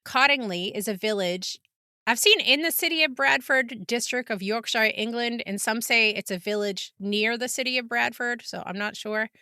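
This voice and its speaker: Bright podcast host lady, chatty, laughs a lot, dry close mic. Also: a little high, no room sound. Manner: chatty, laughs often, quick asides. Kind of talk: casual podcast chat and storytelling.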